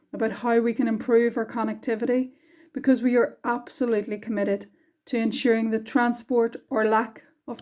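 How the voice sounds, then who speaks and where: Earnest woman, flat higher voice. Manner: earnest, encouraging. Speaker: transport service speaker. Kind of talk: community event address. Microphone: video call.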